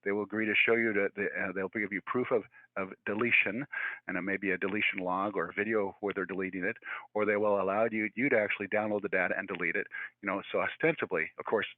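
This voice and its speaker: A man, likely in his sixties, giving a virtual presentation in a fast, conversational way with many fillers and restarts. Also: on the low side, fairly even intonation, dry recording. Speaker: guest speaker. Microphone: video call. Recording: tinny phone-like audio, dry.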